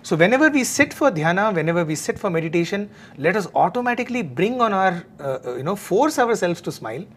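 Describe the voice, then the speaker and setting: A man's voice: high voice, big pitch swings, quick pace, few pauses, fairly bright tone, a little hiss or hum. Earnest man in spiritual chat. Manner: earnest, many fillers like "you know". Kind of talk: casual spiritual conversation.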